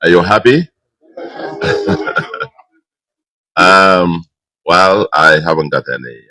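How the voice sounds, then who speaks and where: A middle-aged man with a Nigerian accent giving an emphatic, measured victory speech as governor, with frequent fillers. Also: low voice, lively intonation, bright, forceful tone, dry recording, poor audio. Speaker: state governor.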